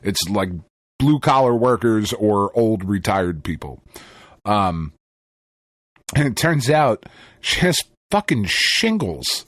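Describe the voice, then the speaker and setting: Animated, profane New man. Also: lowish voice, slow pace, long pauses, dry recording, studio quality. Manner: profane, animated storytelling with laughter. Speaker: podcast co-host. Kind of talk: casual chat.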